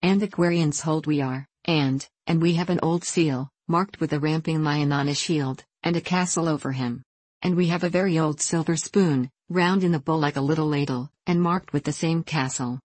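A woman's voice: low-pitched, normal speed, darkish tone, no room sound. A woman reading the part of a shy young country girl who speaks hesitantly and stammers.

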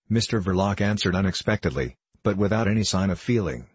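A man reading a classic novel aloud as a narrator, steady and measured. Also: sits low, breathy edge, no echo. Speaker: audiobook narrator.

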